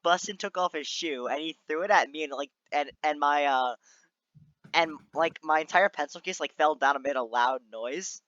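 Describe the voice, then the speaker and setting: A young man co-hosting a casual podcast, animated and laughing often as he tells stories. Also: a little high, normal speed, no room sound. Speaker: podcast co-host. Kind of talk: casual chat. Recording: dull, muffled mic.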